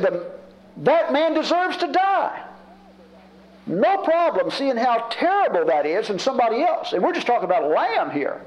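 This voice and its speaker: A man preaching a sermon in a conversational, emphatic way, building his points through repetition. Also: sits high. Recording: dull lo-fi recording.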